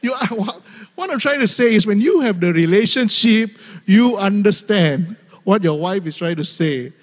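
Laughing pastor. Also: male voice, high voice, expressive, moderate pace, long reverb tail. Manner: laughs often, mimics voices in asides. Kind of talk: humorous sermon.

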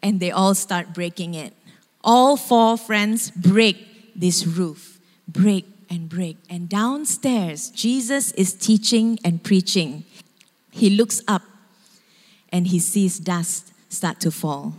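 A woman pastor preaching a sermon as she retells a story with animated storytelling. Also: fairly low pitch, slow pace. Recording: long hall reverb.

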